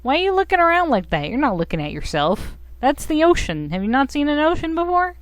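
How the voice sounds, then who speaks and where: A woman voicing an excitable young penguin creature from a game, reading its lines in a high, exclaiming voice. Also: brisk, dry recording. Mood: chirpy.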